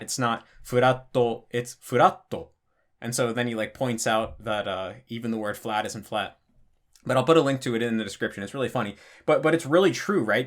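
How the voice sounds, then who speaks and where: A man's voice: mid-range voice, a bit bright. A man hosting a casual question-and-answer talk, chatty and blunt, often checking in with the listener. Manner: chatty, frequently checks in with "right?" and fillers; emphatic, blunt opinions. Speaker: language-learning channel host. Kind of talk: casual Q&A monologue.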